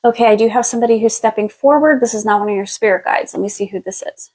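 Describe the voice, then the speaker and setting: A woman working as a psychic medium on a live stream, giving a past-life reading. She talks in a relaxed, chatty way, thinks aloud, and often stops to restart a thought or reach for the next word. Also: on the high side, poor audio. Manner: thinks aloud in a halting way, with many fillers and restarts; relaxed and chatty, laughs easily.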